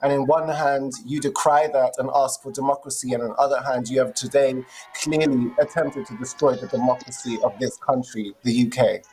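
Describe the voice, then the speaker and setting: A live-stream co-host giving indignant, forceful commentary. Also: mid-range voice, steady tone, fairly quick, slight background noise, rough recording. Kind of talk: impassioned commentary.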